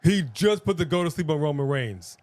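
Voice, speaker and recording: A man co-hosting a wrestling watch-along, giving excited live reaction commentary with animated exclamations. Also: fairly high pitch, fairly quick.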